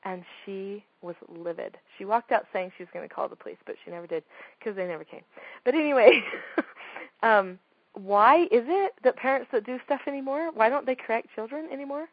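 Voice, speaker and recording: Breathy woman talking on parenting, punchy questions, dry dull sound. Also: on the high side, expressive, brisk, dry recording. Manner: emphatic, fires rhetorical questions. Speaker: speaker on parenting. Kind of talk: talk to an audience.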